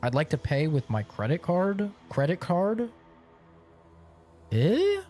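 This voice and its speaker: A man voicing a baffled, excitable male shop clerk with a Japanese accent, squeaky and exclamatory, repeating words back. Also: slow pace, faint music behind, heavily acted.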